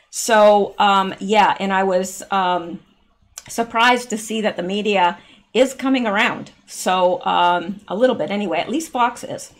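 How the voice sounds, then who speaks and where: A woman at a middle pitch hosts her own commentary channel. She talks in a loose, chatty way, filling her thoughts with "um"s and "you know"s and stepping off into asides. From Canada. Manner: chatty, with many fillers and asides. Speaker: channel host. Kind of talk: casual monologue commentary.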